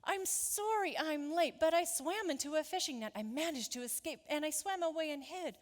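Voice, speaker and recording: A woman's voice: high-pitched, moderate pace, in a large hall, voice pushed up, lightly acted. A woman voicing a small boastful boy fish who spins breathless, eager excuses. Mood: earnest.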